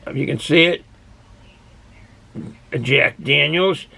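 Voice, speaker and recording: A man's voice: fairly high pitch, takes it slowly, gravelly, sharp tone, a little hiss or hum. A man from Boston hosting a casual beer review vlog, who rambles and goes off on tangents while drinking and snacking. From Boston, USA. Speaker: beer review channel host.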